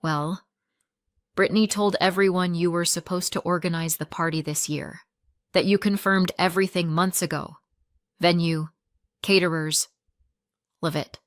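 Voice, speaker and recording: A woman's voice: lowish voice, fairly even intonation, moderate pace, pauses often, dry recording, close to an everyday voice. A woman voicing a kind, hesitant fellow school mom who speaks carefully, in a plain voice close to her own. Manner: careful, gentle.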